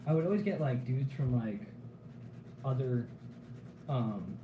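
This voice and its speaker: A man in his thirties, an army veteran, telling stories in casual chat, animated and profane with many restarts. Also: mid-range voice, a little slow, muffled recording. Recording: echoey room with faint noise.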